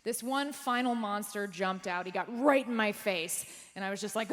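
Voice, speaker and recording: A woman performing a stand-up comedy set on a theater stage, delivering deadpan punchlines and jumping high for quoted voices. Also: normal speed, hardly any pauses. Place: theater stage before a live audience. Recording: live stage mic with hall reverb.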